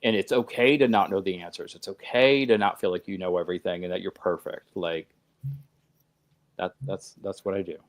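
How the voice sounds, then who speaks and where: In a low voice with fairly even intonation and a brisk pace, a podcast guest who also hosts his own show talks conversationally. Earnest and emphatic, he speaks in long, run-on sentences and keeps restarting.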